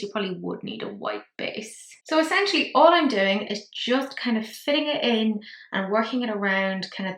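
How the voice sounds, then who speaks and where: A chatty Irish woman narrates a makeup tutorial, nattering on and poking fun at herself as she works. Her voice sits at an ordinary middle pitch. The sound is roomy, with echo off the walls around her. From Ireland. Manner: chatty, rambling, self-deprecating. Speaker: makeup vlogger.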